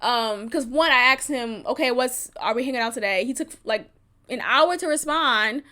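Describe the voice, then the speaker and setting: High-voiced blunt woman from Texas venting. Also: normal speed. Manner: blunt, profane, animated, acts out texts. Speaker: podcast host. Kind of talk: casual storytelling monologue. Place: at home.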